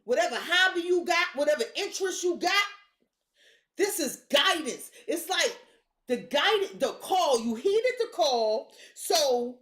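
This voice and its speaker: Hyped-up woman tarot reader, high lively voice. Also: measured pace, roomy sound. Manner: hyped-up, blunt and profane. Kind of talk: casual tarot reading.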